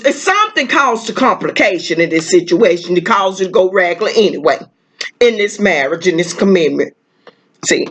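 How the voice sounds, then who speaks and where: A woman's voice: mid-range voice, fairly bright tone. A woman talks her viewers through a tarot spread in a loose, casual way. Her voice rises and falls across a wide range, she circles back to the same points again and again, and she keeps calling her listeners baby. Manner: emotional, repetitive, calls listeners baby and girl, laughs often. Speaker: tarot reader.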